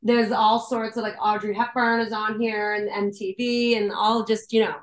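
A young woman from Boston, a guest musician chatting casually on a podcast, animated and quick to laugh. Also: fairly high pitch. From Boston, USA. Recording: roomy echo.

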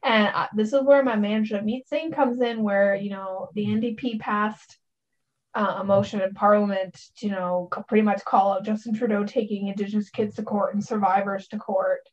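A woman's voice: medium pitch, steady tone, moderate pace, muffled recording. A woman co-hosting a podcast, speaking out indignantly with frequent swearing. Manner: indignant, outspoken, profane. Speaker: podcast co-host. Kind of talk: casual podcast discussion.

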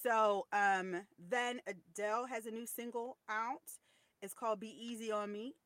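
A woman's voice: on the high side, steady tone, a little slow, fairly bright tone, dry recording. A woman co-hosting a podcast, chatting casually and sharing opinions in a storytelling way. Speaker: podcast co-host. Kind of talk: casual chat.

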